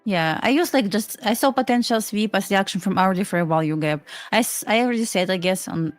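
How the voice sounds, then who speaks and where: A woman's voice: medium pitch, faint music behind. Belarusian woman with a Russian accent. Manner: halting, restarts sentences. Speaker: trader co-host. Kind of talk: casual chat on a live stream.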